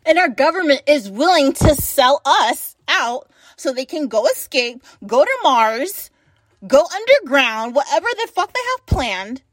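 A woman's voice: high-pitched, sing-song, dry recording. A woman in her late twenties from the United States, delivering an angry, profane political rant to camera and firing off rhetorical questions. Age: late 20s. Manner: furious, profane, rapid-fire rhetorical questions. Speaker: vlogger.

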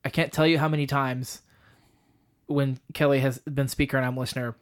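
A man's voice: mid-range voice, little pitch movement, fairly quick, smooth. A middle-aged man explains a communication method on a podcast in plain steps. He keeps it casual and jokes at his own expense now and then. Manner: explains step by step, self-deprecating humor. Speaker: marriage communication teacher.

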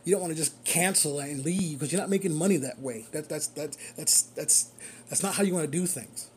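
A man who works as a rideshare driver, telling a story in a casual, animated way and chuckling often. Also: fairly high pitch, a little fast, slight background noise.

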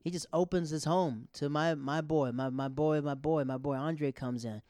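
A man's voice: a little high, fairly even intonation, a little mellow, no echo, clean studio sound. Man rambling through a grieving story. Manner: rambling, halting, with many restarts. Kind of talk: casual personal storytelling.

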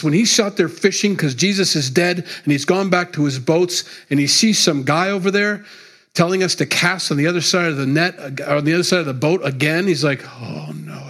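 A man pastor preaching a sermon, emphatic and repetitive, with sudden loud rises and quiet drops. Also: on the high side, breathy edge.

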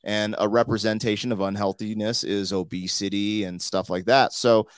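A man's voice: on the low side, fairly even intonation, moderate pace, clean tone, no room sound, clean studio sound. A man hosting a podcast in loose, slangy casual chat, full of "like" and "you know.". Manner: loose and slangy, full of 'like' and 'you know'. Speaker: podcast host.

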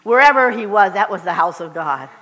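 A woman's voice: medium pitch, expressive, fairly quick, pushed and bright, in a large hall. A woman preacher giving a fervent, emphatic sermon in a church, driving points home with short repeated declarations. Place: church sanctuary.

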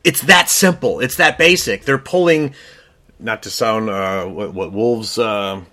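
A man co-hosting an opinion talk show in a casual chat, talking emphatically and rising in pitch when he gets worked up. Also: a little slow, sharp tone. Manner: frequent fillers and restarts. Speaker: co-host.

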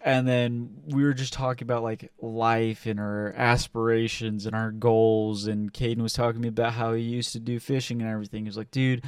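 A young man co-hosting a casual podcast, telling a story with lots of swearing and loud acted-out quotes. His voice is smooth and clear. He sits a little back from the mic in a dry room. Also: medium pitch, fairly quick, hardly any pauses, no room sound, recorded from a distance. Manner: animated, profane, acts out quotes loudly. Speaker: podcast co-host.

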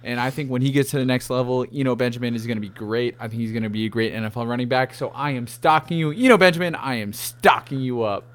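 A young man on a casual sports podcast, talking fast and getting worked up, swearing then apologizing. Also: medium pitch. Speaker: podcast guest. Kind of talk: casual chat.

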